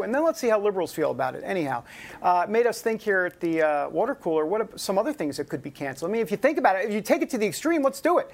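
A woman hosting a talk show, delivering a sarcastic, mocking opinion monologue and interviewing a guest. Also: medium pitch.

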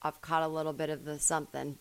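A woman's voice: deep voice, flat delivery, quick pace, smooth. A woman voicing a mild, resigned house cat dying under a porch, speaking primly. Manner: prim, plainly worded, without a British accent.

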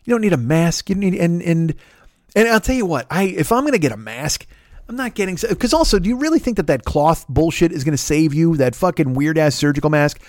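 In clean studio audio with no room sound, a podcast host rants alone in profane comedic fashion, his fairly high, slightly mellow voice quick and lively in intonation. He rambles, curses, slips into impressions and scat singing, and sniffles a little from a cold.

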